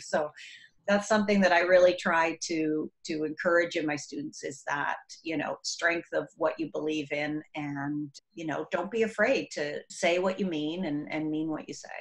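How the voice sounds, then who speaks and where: Low-voiced woman educator, earnest interview talk. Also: normal speed. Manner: earnest, animated when telling classroom stories. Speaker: author and educator. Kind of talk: recorded interview.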